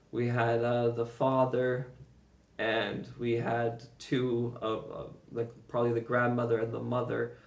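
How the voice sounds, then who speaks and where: A man casually recounting his own journey, rambling and emphatic, swearing and chuckling often. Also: mid-range voice. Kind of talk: casual first-person storytelling. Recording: roomy echo, mic far off.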